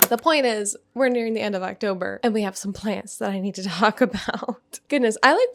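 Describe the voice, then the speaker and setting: A young woman vlogging casually about her houseplants, rambling and gushing with frequent giggles. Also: mid-range voice. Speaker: plant vlogger. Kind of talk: casual chatty vlog.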